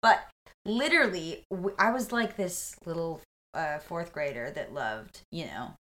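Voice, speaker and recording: A woman's voice: fairly low pitch, animated, a little slow, fairly bright tone. A woman co-hosting a podcast, chatting casually about travel in a playful, teasing way. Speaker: podcast co-host.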